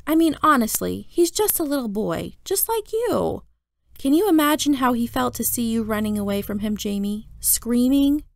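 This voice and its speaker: A woman's voice: on the high side, animated, moderate pace, creaky, dry recording, clean studio sound, voice pushed up. A woman voicing a mother who scolds her sons earnestly, in a storybook reading. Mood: stern. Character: stern but loving mother of two boys.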